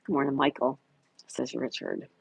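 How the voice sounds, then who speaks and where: Husky man hosting a chatty livestream. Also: medium pitch, huge pitch swings, moderate pace, no echo, highs cut off. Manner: reads viewer comments aloud and greets chatters by name. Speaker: livestream host. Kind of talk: casual livestream chat. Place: home in Florida.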